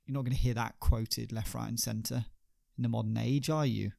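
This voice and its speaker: A man's voice: medium pitch, fairly even intonation, moderate pace, creaky, darkish tone, dry recording, studio quality. A man hosting a podcast, telling a comic story in a wry, chatty way with rhetorical asides.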